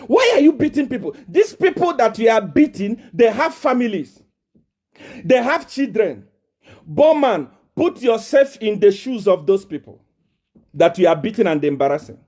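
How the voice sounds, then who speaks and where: A Nigerian man taunting and challenging a rival, loud and repetitive. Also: high-pitched, big pitch swings, measured pace. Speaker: preacher. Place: South Africa.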